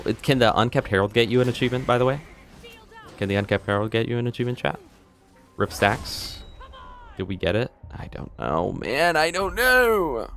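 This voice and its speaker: A man streaming a video game live, joking around and chatting to his viewers. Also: lowish voice. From United States. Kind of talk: live gameplay commentary.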